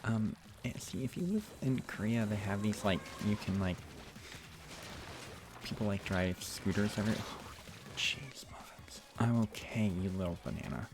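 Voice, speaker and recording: A young man streaming a game late at night, talking quietly and half-whispering in a rambling, restarting way so he won't wake his sister. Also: lowish voice, moderate pace, noisy background. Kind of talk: quiet live stream chat while playing. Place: room at home at night. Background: game music.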